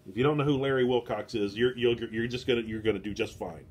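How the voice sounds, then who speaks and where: A man's voice: medium pitch, quick pace, a little mellow, husky. A man hosting an online book club from home, talking in a meandering, self-deprecating way into a phone. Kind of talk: rambling casual livestream talk.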